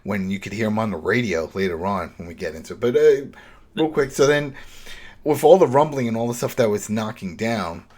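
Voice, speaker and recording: A man co-hosting a podcast, retelling an episode in a loose, rambling, animated way. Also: lowish voice, brisk. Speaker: podcast co-host. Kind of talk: casual recap discussion.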